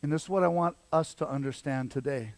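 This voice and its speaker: A man preaching a sermon as pastor, swinging between loud exhortation and quiet emphasis. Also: a little high, fast talker, no echo.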